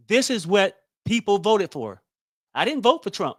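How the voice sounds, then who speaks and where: A man's voice: high voice, animated, moderate pace, a bit bright, no echo, clean studio sound. A man hosting a casual political commentary show, blunt and exasperated, swearing freely.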